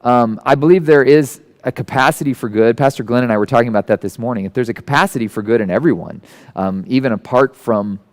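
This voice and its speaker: A man giving a conversational sermon who tells stories and acts out the people in them with sudden jumps into a high voice. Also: fast talker, hardly any pauses. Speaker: guest speaker. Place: church hall.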